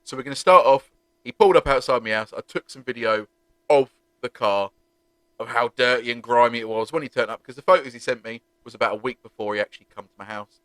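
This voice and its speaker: A man's voice: medium pitch, fast talker, no echo. Chatty man reviewing car products. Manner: chatty, animated, jokey. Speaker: car detailing vlogger.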